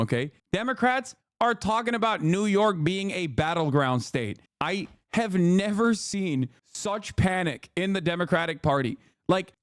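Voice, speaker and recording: A man streamer riffing on political news in casual, profane reaction commentary. His voice sits fairly high for a man, and he talks animatedly, breaking into laughter often. The sound is close and dry. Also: dry recording.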